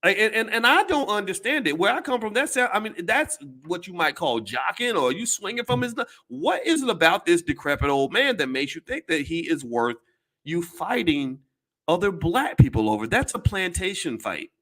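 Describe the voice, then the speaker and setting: A man's voice: high-pitched, very animated, normal speed, pushed and bright. A man giving casual commentary to his audience, blunt and emphatic, with some swearing, often repeating words and restarting his sentences.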